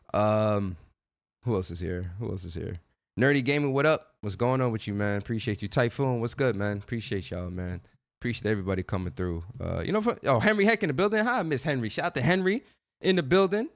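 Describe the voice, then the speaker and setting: A young man hosting a casual gaming livestream, chatting in laid-back slang, greeting viewers by name and laughing often. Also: fairly low pitch.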